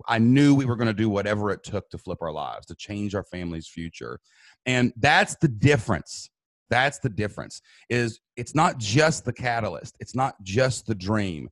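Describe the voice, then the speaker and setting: An animated man in his thirties, telling a personal story with lively swings in pitch. His voice sits close and dry, with no room sound. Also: moderate pace, dry recording. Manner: animated, says "dude" and "man". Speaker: guest. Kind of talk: emotional storytelling.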